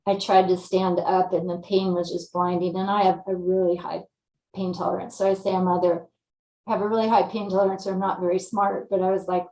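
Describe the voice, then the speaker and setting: A woman from California, a guest telling her story in a lively, casual way and acting out her own thoughts. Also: on the low side, brisk, reverberant, rough recording. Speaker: interview guest.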